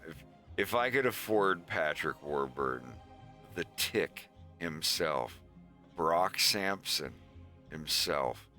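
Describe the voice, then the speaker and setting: A man's voice: a bass voice, pushed and bright. Laid-back rambling male streamer. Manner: rambling, profane. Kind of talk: casual chat.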